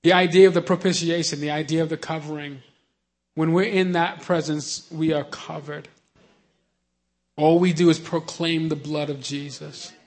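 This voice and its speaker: This preacher's voice sits on the high side, with a level tone and a moderate pace. His sermon is conversational, full of "you know what I mean?" to the listeners, and it swings from quiet earnestness to shouted hallelujahs.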